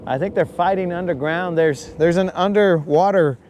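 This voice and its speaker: A man's voice: high voice, moderate pace, darkish tone, a little hiss or hum. A man hosting a live fishing stream from a boat on a lake. He talks in a casual, joking way and keeps calling his viewers bros. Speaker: fishing livestream host.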